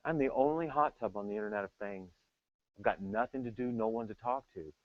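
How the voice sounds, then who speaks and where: A man's voice: lowish voice, brisk, dry recording, narrow, tinny audio, pitched below the performer's own voice, lightly acted. A man voicing an anxious, needy male hot tub that talks in a plaintive, overdramatic way. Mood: lonely.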